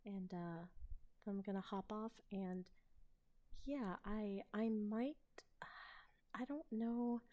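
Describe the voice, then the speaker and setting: A woman with a Midwestern American accent and a medium-pitched voice chats casually and a bit hesitantly on a live stream, occasionally dropping into soft whispers. She's an ASMR role-play streamer, and the sound is lo-fi.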